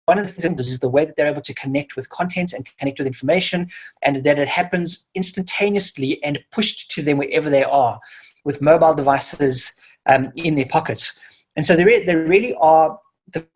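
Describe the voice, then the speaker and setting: Husky man giving a webinar talk. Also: on the high side. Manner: storytelling, lively examples. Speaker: professional speaker. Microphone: video call.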